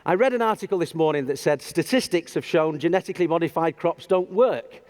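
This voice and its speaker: A man's voice: fairly high pitch, a little fast, a little mellow, natural voice. A man voicing a small, earnest man from the audience asking a question.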